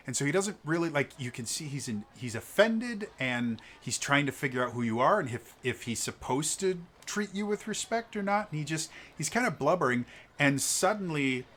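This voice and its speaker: A man's voice: mid-range voice, bright, forceful tone, slight background noise. A man narrating as game master of a tabletop game, hesitant and full of fillers.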